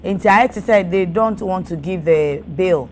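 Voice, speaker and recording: A woman's voice: on the low side, normal speed, a little hiss or hum. A woman with a Ghanaian accent hosting a radio talk show, asking short prompting questions. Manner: brief prompting questions and acknowledgements. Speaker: radio host.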